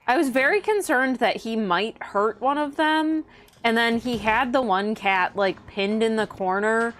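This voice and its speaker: A woman's voice: a little high, unhurried, fairly bright tone. A woman in casual chat on a game stream, telling stories and reading chat messages aloud. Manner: chatty storyteller, reads chat aloud. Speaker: stream co-host.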